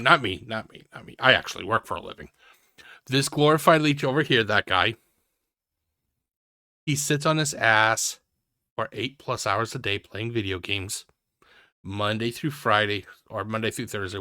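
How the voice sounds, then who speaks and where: A man rants through reaction commentary in a bright, forceful voice, sarcastic and full of swearing. The sound is dry, with no room echo. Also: medium pitch. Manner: sarcastic, ranting, heavy swearing. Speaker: commentary host.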